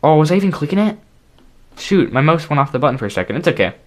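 A young man vlogging a counting challenge, chatty and energetic, calling out to the viewers, his voice sore and strained. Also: a little high, racing. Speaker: YouTuber. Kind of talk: casual vlog challenge. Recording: music playing behind voice.

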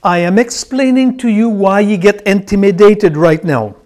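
Reading scripture to his class, this Bible teacher repeats important phrases and points out words for students to circle. He speaks at a moderate pace in a high, darkish voice.

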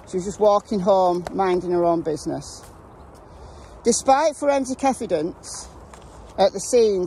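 Mellow-voiced woman telling crime stories casually. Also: medium pitch, a little hiss or hum, poor audio. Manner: conversational, with asides and restarts. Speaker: true crime podcast host. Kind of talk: casual true-crime storytelling. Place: outdoors, walking near traffic.

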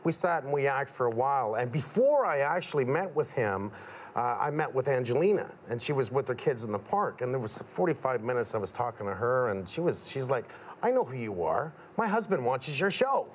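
A man speaking as a guest on a talk show, relaxed and chatty. His voice sits in a middle register. He tells his stories warmly in a TV studio, with a faint hum in the background. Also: medium pitch, fairly quick. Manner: storytelling, acts out quotes of his father. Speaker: guest contractor. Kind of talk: casual talk show interview. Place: TV studio with audience.

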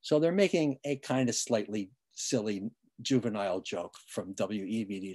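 A man's voice: lowish voice, moderate pace, a little mellow. A man giving an online lecture about music history, explaining patiently with many fillers and restarts, and now and then humming a rhythm.

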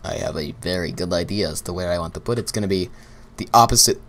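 A young man with a low voice talks his way through a video game, rambling, repeating himself and breaking into laughter. It sounds like a desk microphone at a computer. Faint keyboard tapping sits under his voice. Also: fast talker, a bit bright, a little hiss or hum. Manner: rambling and repetitive, talking to himself, with bursts of laughter. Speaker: gameplay commentator. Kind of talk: casual gameplay commentary.

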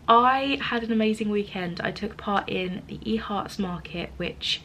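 A woman chatting in a studio vlog, excited and emotional, often laughing and dropping to soft whispers. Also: mid-range voice, slow pace, slight background noise. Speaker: small business owner vlogging. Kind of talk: casual studio vlog chat.

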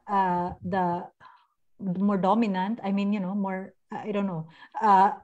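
A woman's voice: mid-range voice, level tone, measured pace, dark tone, muffled recording. Hesitant woman on a video call. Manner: hesitant, searching for words, many fillers. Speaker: panelist. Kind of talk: online panel discussion.

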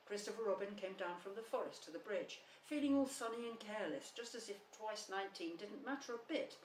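Woman reader, expressive storytelling, roomy and slightly distant sound. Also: medium pitch, brisk, a little hiss or hum. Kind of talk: reading a children's book aloud.

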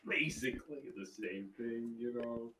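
A man's voice: medium pitch, fairly even intonation, moderate pace, pushed and bright, husky. A man chatting casually over a game, teasing friends and laughing easily. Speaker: game player. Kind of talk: casual gaming chat.

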